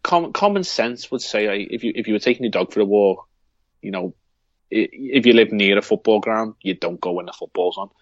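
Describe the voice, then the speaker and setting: Brisk and lively in intonation, this fairly low-voiced man co-hosts a podcast in a Liverpool accent. His casual chat rambles and hesitates, with frequent fillers and restarted sentences, and the recording is dry and lo-fi.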